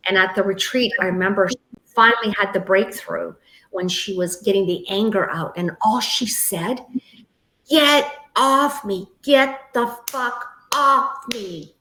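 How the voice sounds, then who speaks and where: A woman guest mentor telling stories in an interview, acting out the quotes with lively pitch shifts. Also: reverberant, poor audio. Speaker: guest, emotional healing mentor. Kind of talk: storytelling in a podcast interview.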